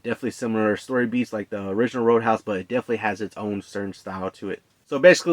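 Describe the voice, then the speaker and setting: A man giving a casual, rambling movie review in a relaxed, conversational way, with many fillers and restarts. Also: lowish voice, no echo.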